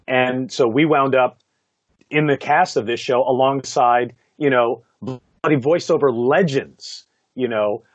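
A man, a voice actor, telling stories from his career in a casual interview, animated and laughing often, with many "you know" fillers. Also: mid-range voice, measured pace, no echo. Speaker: voice actor guest.

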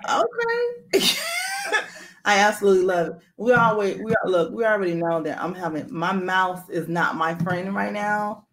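A woman hosting an interview, animated, playful and slangy. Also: medium pitch, moderate pace. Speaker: podcast host. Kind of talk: casual interview chat.

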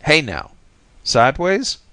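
A man's voice: fairly high pitch, sing-song, slow, sharp tone, dry recording, voice pushed up, full character voice. Figure: a man playing a hip beatnik repairman. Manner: slangy drawl. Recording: dry. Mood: casual, gloomy. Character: young bearded beatnik poet repairman, cocky, hip.

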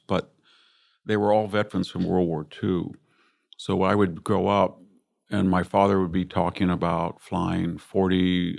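Older man, very low voice, heavy vocal fry, dry close sound, reflective storytelling guest. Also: a little mellow, no echo. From United States. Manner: reflective, anecdotal, voices relatives in quotes. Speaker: guest, classicist and military historian. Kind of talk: conversational interview storytelling.

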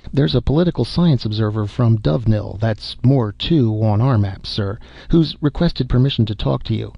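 A man voicing a loyal, efficient female secretary, speaking crisply and deferentially, in a dull recording. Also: mid-range voice, normal speed, no echo. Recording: dull muffled audio.

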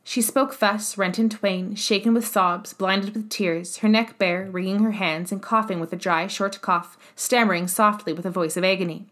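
A woman reads a classic novel aloud in a steady, formal narrating voice. Her voice sits at an ordinary middle pitch, neither high nor low. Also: moderate pace, few pauses. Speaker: audiobook narrator.

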